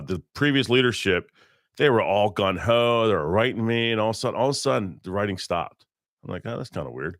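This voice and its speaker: A man's voice: low voice, a bit bright, dry recording, studio quality. A middle-aged man in a casual interview, telling blunt, rambling stories about his working life and often correcting himself mid-sentence. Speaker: interview guest, electrician. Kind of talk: casual storytelling.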